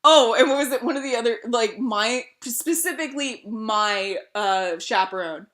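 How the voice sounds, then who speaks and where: A young woman streamer telling stories in casual chat, animated and laughing, swearing freely. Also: a little high, moderate pace.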